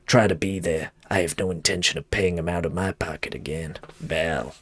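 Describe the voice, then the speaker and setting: A man doing a gruff grumbling letter-writer. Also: fairly even intonation, normal speed, a bit bright, a little hiss or hum. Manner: low, grumbling read-out.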